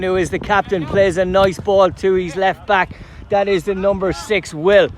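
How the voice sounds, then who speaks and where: A man giving jokey, excitable live commentary on a youth football match outdoors. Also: high voice, heavy background noise. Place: outdoors at a sports field.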